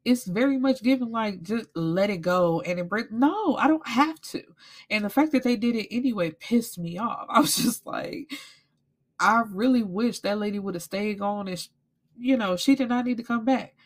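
A woman recapping a novel in casual chat, blunt and profane, telling the plot with lively energy. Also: on the high side, normal speed. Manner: blunt, profane, animated storytelling. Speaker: book reviewer.

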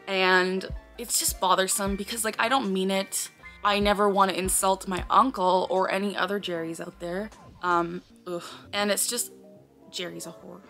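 A woman vlogger talks casually to the camera in a bright, clear tone at an ordinary middle pitch. She explains things earnestly, often breaking off with sudden blurted words and sighs. Faint music plays behind her. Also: fairly even intonation, moderate pace.

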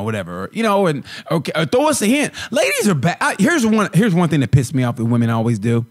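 A young man with a high, lively voice that jumps all over the place, co-hosting a casual comedy podcast. He rambles in bursts, restarts sentences and slips into acted-out quotes. His delivery is loose and animated. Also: fast talker, few pauses. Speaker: podcast co-host.

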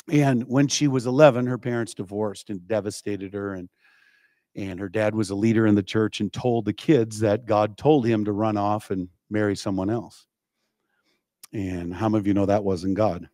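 A man's voice: lowish voice, fairly even intonation, normal speed, dark tone, no echo. A man preaching a revival sermon, telling a story with frequent call-outs to the congregation. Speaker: evangelist preacher. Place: church.

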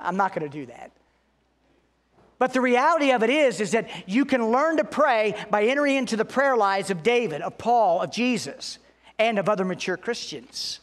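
A pastor preaching a sermon, earnest, slowing down and lifting his voice to stress key points. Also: high-pitched. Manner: earnest preaching, slows and rises for emphasis.

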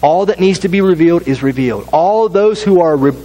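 A man preaching a sermon as pastor, repeating phrases for effect and dropping to a low hush at solemn lines. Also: expressive, brisk, poor audio.

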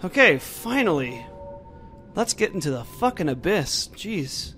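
A young man narrates his gameplay in let's play style, muttering to himself and cursing often whenever things go wrong. He speaks unhurriedly in a higher voice, with soft background music and a steady noise under the recording.

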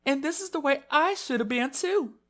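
A man's voice: very high-pitched, lively intonation, normal speed, a bit bright, voice pushed up. A man doing eerie sweet girl, Southern drawl. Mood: eerily sweet. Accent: put-on American Southern. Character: gentle young sea-witch girl turned eerily cheerful. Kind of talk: let's-play voice acting.

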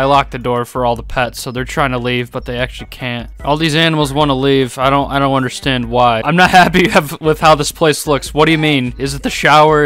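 A young man giving casual, joking commentary over a life-sim game, laughing often and breaking into high squeaky laughter. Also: a bit bright. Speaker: gaming YouTuber. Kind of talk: casual Let's Play commentary. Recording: faint game music behind.

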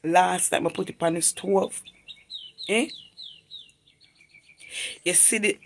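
Gravelly man telling a testimony. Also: high voice, steady tone, slow pace, long pauses. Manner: earnest, repetitive storytelling in creole-inflected English. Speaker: vlogger. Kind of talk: personal testimony.

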